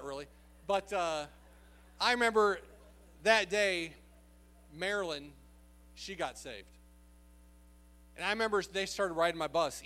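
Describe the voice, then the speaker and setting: A man's voice: fairly high pitch, sharp tone. A man preaching a sermon, telling a personal story in an earnest, conversational way with frequent filler sounds.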